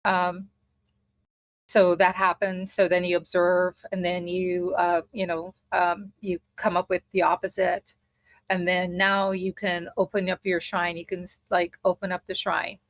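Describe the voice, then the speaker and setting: A woman's voice: lowish voice, little pitch movement, measured pace, no room sound. A woman teaching a spiritual study group in a casual way, thinking aloud as she explains a method step by step.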